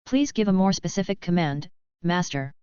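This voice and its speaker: A woman's voice: fairly low pitch, normal speed, clean tone, no room sound, muffled recording, natural voice. A woman reading as an emotionless doll robot. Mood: mechanical. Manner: flat mechanical monotone.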